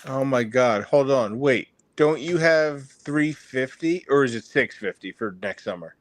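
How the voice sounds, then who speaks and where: A man's voice: medium pitch, animated, unhurried. A man joining a livestream by call, reacting eagerly and asking questions. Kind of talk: casual livestream chat.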